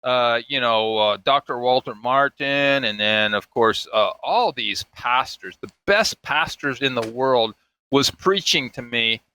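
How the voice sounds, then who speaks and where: A man's voice: medium pitch, a little slow, bright, forceful tone, clean tone, low-quality recording. An older man and father telling family stories in casual, rambling chat, chuckling and acting out the voices of people he quotes. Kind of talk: casual storytelling.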